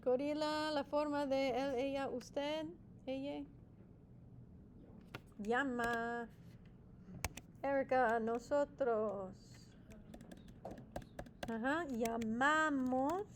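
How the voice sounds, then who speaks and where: Woman Spanish teacher, high and unhurried, encouraging, playful with her students. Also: steady tone, a little hiss or hum. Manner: explains step by step with repeated check-in questions. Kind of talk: classroom teaching. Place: classroom with students.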